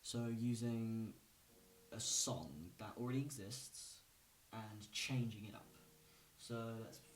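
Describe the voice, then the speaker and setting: A man giving a casual music lesson, relaxed and rambling, with lots of fillers and restarts. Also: lowish voice, takes it slowly, slight background noise. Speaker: music teacher. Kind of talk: casual instructional talk. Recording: roomy, from a distance.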